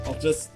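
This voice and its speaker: A joking man streaming a game. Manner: joking asides, laughs easily. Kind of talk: casual game commentary.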